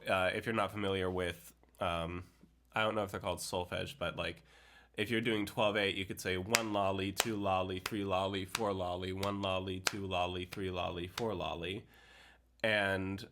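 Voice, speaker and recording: A man teaching how to set a poem to music, thinking aloud with many pauses and fillers, sometimes speaking words slowly in rhythm. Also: lowish voice, fairly bright tone. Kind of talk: screen-share tutorial on setting a poem to music.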